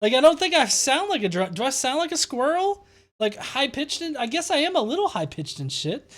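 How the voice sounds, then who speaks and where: A young man hosts a casual live stream, reading viewer comments aloud and reacting with sarcastic laughter. His talk is loose and profane, broken up by chuckles and throat-clearing. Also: very high voice, sing-song, fairly quick, fairly bright tone. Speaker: show host.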